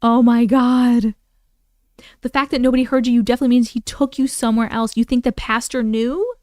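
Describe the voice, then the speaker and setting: Animated woman reading scary stories. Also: a little high, fast talker, no echo. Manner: animated, exclaiming and swearing in reaction. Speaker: channel host reading viewer stories. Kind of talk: story reading and live-stream chat.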